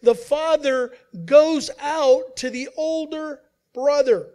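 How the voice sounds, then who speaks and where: A man preaching as a pastor, who swings between loud emphasis and quiet, hushed asides and acts out the voices he quotes. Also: very high voice, fairly even intonation, takes it slowly. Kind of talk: sermon.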